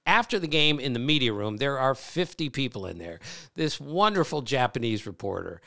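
A man's voice: mid-range voice, very animated, normal speed, creaky, sharp tone. A middle-aged man hosting a podcast, telling stories in casual chat and laughing often. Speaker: podcast host, baseball reporter.

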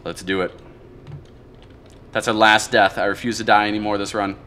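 Low-voiced man calmly commentating gameplay. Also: moderate pace, a little hiss or hum. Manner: relaxed, thinking aloud about strategy. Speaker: gamer commentating his own play.

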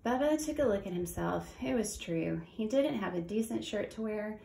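A woman's voice: medium pitch, lively intonation, moderate pace, gravelly, mellow. A woman reading a children's picture book aloud in a folksy storytelling way. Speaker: storybook reader. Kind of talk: children's read-aloud narration. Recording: echoey room with faint noise.

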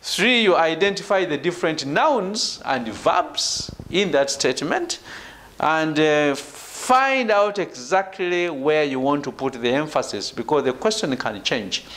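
Male university lecturer, PhD seminar, high voice, very animated intonation, emphatic stresses. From Uganda. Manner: repeats "ladies and gentlemen" and "right?", emphatic stresses on key words.

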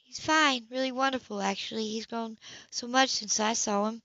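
A woman reading aloud plays a proper, tired woman doctor, lifted well above her own voice and held soft and even. The tone stays prim and patient. The recording is dull and dry, with no room sound. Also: fairly high pitch, normal speed, dry recording, voice pushed up. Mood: patient, strained.

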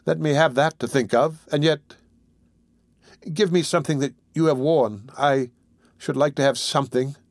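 A man's voice: fairly high pitch, normal speed, no echo, clean studio sound, voice pushed up, lightly acted. A man reading an audiobook, voicing a frightened, desperate young woman with an urgent, pleading delivery. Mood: tender.

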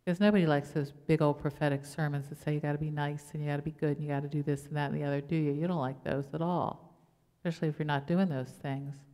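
Low-voiced woman pastor preaching in a reverberant church. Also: fairly even intonation, fast talker, dark tone. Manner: conversational preaching with rhetorical questions. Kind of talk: sermon. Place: church sanctuary.

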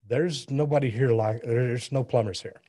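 A middle-aged man speaks as an interview guest, recounting events in an earnest, storytelling way. His voice is husky and dark, and he often stumbles into restarts. He comes from the US West Coast. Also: mid-range voice, moderate pace. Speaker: plumber, guest.

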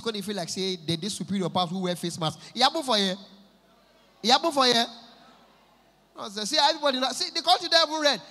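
Bright-voiced Nigerian comedian in a hall. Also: male voice, extremely high pitch. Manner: animated, switches between voices for characters, bursts into shouts. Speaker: stand-up comedian. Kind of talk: stand-up comedy set in Pidgin English. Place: large live venue with audience. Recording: echoey hall from a live show.

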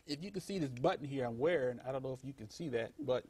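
A man's voice: mid-range voice, expressive, warm tone, breathy edge. A man who is a guest on a talk show, teaching religious ideas emphatically and stretching out key words. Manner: emphatic, drawn-out teaching, urging listeners.

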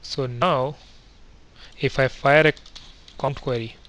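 Bright-voiced man walking through code. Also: medium pitch, fairly even intonation, takes it slowly. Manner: methodical step-by-step, frequent fillers and self-corrections. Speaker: software testing instructor. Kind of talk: screen-recorded coding tutorial.

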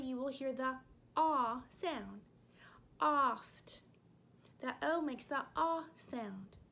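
A woman teaching a remote phonics lesson to first graders, slowly sounding out letters and vowel sounds. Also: high-pitched, a bit bright. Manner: slow, clearly sounding out letters for small kids.

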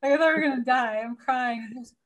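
A woman from Florida spins a story in loose podcast chat with a fairly high voice. She talks in an animated rush, leaning on "like" constantly and dropping swear words without a second thought. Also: fast talker. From Florida, USA. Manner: animated, heavy use of "like", swears freely. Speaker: podcast guest.

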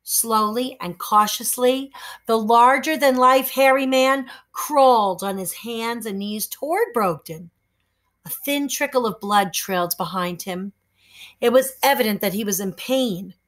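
A woman reads a children's adventure book aloud with lively, suspenseful expression. Her voice sits a little high and sounds bright and clear. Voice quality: expressive, slow suspenseful reading. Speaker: storyteller.

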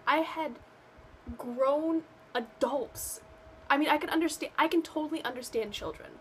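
A woman's voice: high-pitched, normal speed, a bit bright, slight background noise, low-quality recording. A young woman ranting to camera in a vlog, exasperated and sarcastic, rambling with lots of fillers. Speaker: vlogger. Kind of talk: casual rant to camera.

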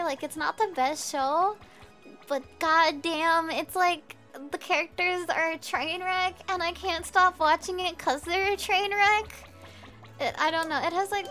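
A young woman streamer with a very high, bright voice chats with viewers while playing. She rambles, laughs easily and swears casually. Soft background music runs beneath her voice. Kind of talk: casual gameplay chat.

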